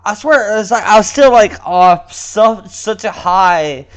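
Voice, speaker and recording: A man's voice: high voice, expressive, unhurried, clean tone, dull audio. A young man co-hosting a podcast in casual chat, rambling and laughing often, with slightly slurred speech. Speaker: podcast co-host.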